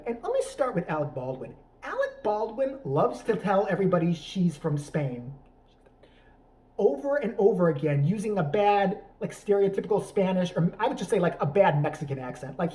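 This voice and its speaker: Man ranting, crude, sarcastic, rambling, lively swings in pitch, comedy commentary. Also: fairly quick, low-quality recording. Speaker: YouTube commentator. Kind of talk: profane comedic rant.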